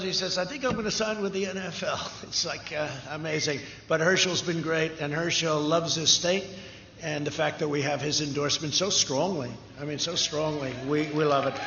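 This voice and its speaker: A man's voice: sits high, sharp tone. A man giving a campaign rally speech outdoors before a large crowd, talking in rambling, repetitive, boastful riffs. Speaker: political speaker at a rally. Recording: echoey, dull PA sound with crowd noise. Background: cheering crowd.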